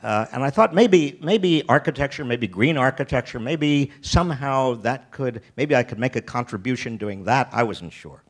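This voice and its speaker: An older American man gives a keynote on a festival stage, rambling through personal stories with many restarts and wry, self-deprecating humor. His mid-range voice is animated, at a moderate pace with few pauses.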